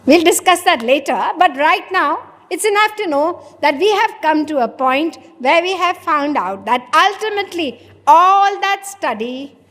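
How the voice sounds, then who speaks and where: A woman preacher, her voice pitched high as she poses questions to the audience and answers them herself. A long reverb from the hall trails after each phrase. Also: expressive, unhurried, few pauses, a bit bright. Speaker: spiritual preacher. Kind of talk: sermon.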